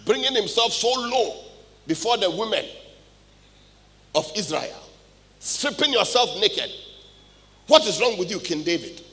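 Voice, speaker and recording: A middle-aged Ghanaian man preaching a sermon in church, swinging between loud outbursts and hushed asides. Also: high voice. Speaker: pastor. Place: church hall with congregation. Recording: live church recording with long reverb.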